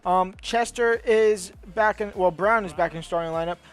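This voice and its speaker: A young man giving excitable play-by-play commentary over his own football video game, rising to shouts at goals. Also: high-pitched, moderate pace. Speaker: gaming YouTuber.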